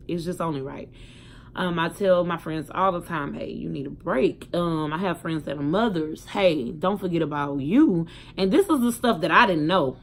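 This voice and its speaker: Chatty young woman vlogging, low voice. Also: slight background noise. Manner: chatty and candid, talks straight to viewers. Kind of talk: casual storytelling vlog.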